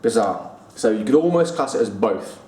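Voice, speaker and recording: Male reviewer, lowish voice, chatty and halting, echoey room, mic a bit far off. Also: animated, a little mellow. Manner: chatty, pausing, repeats words while thinking. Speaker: whisky reviewer. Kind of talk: casual spoken review. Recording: roomy echo, distant mic, faint room noise.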